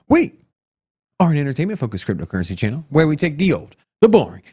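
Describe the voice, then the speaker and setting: A man co-hosting a casual crypto livestream, loud and playful, with hype shout-out greetings. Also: sits high. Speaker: co-host.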